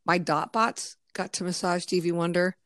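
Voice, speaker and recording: An animated American woman swears freely and slips into quoted voices as she chats. Her voice sits a little low. The sound is close and dry. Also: dry recording. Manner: animated, profane, quick to act out quotes. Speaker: massage therapist. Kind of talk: casual podcast chat.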